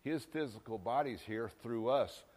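A male pastor preaching a folksy sermon, swinging from loud exhortations to quiet asides. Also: medium pitch, normal speed.

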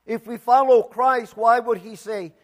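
A man preaching a sermon, emphatic, swinging from loud declarations to hushed asides and repeating words for emphasis. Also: very high-pitched, fairly even intonation, unhurried. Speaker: pastor.

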